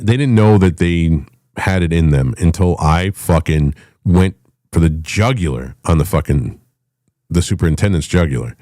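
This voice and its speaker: Deep-voiced guy ranting, swears a lot, super blunt, dry close sound. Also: warm tone, no room sound. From United States. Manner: blunt, profane, combative. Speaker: podcast host. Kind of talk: unscripted rant.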